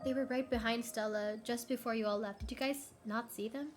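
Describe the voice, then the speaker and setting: A woman voicing a shaken young woman in a game who talks quietly and hesitantly. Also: fairly high pitch, fairly even intonation, fairly quick, faint music behind, close to an everyday voice. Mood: uneasy.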